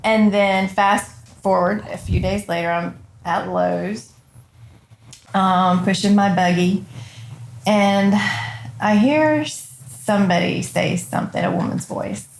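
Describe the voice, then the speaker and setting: A woman, a grieving mother telling her story slowly and haltingly, often soft and near tears. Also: medium pitch, vocal fry, slight background noise. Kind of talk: emotional storytelling interview.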